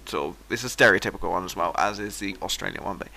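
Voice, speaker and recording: Gravelly bright-voiced British man rambling. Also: low voice, fast talker. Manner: chatty, rambling and self-deprecating. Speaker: listener sending in a recorded message. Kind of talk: rambling recorded message.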